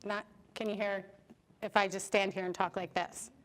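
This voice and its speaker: A woman professor giving a lively, chatty lecture on a stage, asking the audience questions. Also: medium pitch, normal speed. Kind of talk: public lecture with audience interaction. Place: lecture hall with live audience. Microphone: stage microphone, sometimes moving off it.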